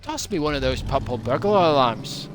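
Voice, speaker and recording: A man doing an exaggerated Scottish accent as an excitable Scotsman who keeps repeating himself. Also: fairly high pitch, moderate pace, background noise. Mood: excited. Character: excitable Scottish man wanting a burglar alarm.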